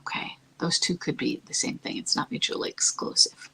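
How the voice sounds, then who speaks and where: A woman giving marriage-coaching advice in a soft, calm, often near-whispered delivery that stays earnest and reassuring. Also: a little fast, rough recording. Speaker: marriage coach answering a listener's question. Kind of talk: advice talk.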